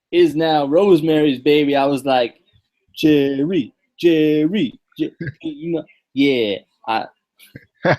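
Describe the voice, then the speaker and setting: A man's voice: on the high side, a little mellow, low-quality recording. A man co-hosting a podcast, chatting casually about a wrestling show in a rambling, hesitant way. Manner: rambling, hesitant, many restarts and fillers. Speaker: podcast co-host.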